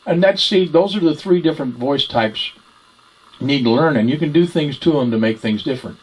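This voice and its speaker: A man's voice: on the high side, a little fast, slightly rough, rough recording. A man teaching ventriloquism in a folksy, repetitive way, demonstrating voice types. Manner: folksy, repeats himself while explaining. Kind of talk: instructional demonstration.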